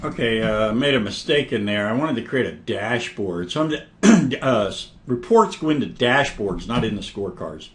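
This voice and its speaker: A man giving a casual, step-by-step software demonstration, narrating each click and often clearing his throat. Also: on the low side, animated, normal speed. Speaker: software instructor. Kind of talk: screen-recorded software demonstration.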